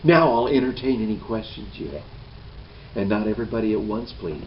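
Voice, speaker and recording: A man's voice: lowish voice, lively intonation, a little fast, far from the mic. A man giving a training presentation in a meeting room, folksy and checking in with "okay" after each point. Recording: dull lo-fi camera audio with faint hiss.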